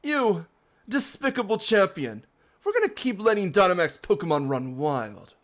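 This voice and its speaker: A streamer voicing a pompous, theatrical young male villain from a video game, with slow, drawn-out, haughty delivery. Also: medium pitch, very animated, voice pushed up, natural voice. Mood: smug.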